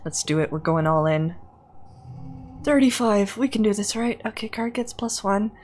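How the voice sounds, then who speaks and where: Woman streamer reading a story game out loud; nervous, giggly, breaks into whispers. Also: medium pitch, moderate pace, a little hiss or hum. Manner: excitable and nervous, laughing often, dips into whispers. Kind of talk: reading a text game aloud on a livestream.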